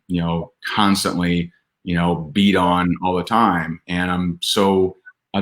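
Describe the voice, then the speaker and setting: A man's voice: low voice, echoey room. A man talking as a podcast guest, telling a candid personal story earnestly, with frequent restarts and fillers.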